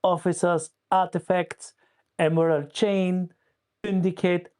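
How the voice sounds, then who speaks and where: A man guest giving a casual, step-by-step walkthrough in a steady way of talking. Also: high voice, takes it slowly, clean tone. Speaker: guest explaining a tool.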